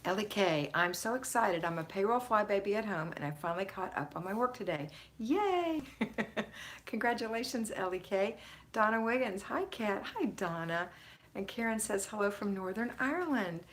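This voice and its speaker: A woman's voice: medium pitch, moderate pace, fairly bright tone. A woman hosting a live stream, chatting casually, reading out viewers' comments and greeting them by name with frequent laughs. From Florida, United States. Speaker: host of a home-organizing live stream.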